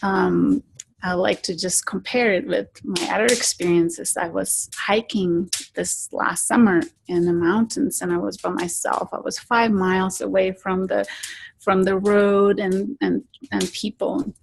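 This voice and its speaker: A woman telling personal stories as an interview guest, softly and earnestly, sometimes dropping to a whisper. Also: mid-range voice, steady tone, unhurried, creaky, slight background noise, rough recording. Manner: soft, earnest, drops to whispers in tense moments. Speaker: interview guest, spiritual guide. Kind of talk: storytelling in an interview.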